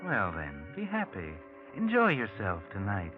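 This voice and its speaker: An actor voicing a mocking inner voice, in 1940s radio acting. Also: male voice, on the low side, wildly swooping pitch, narrow, tinny audio. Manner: mocking, slow. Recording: old radio recording with music.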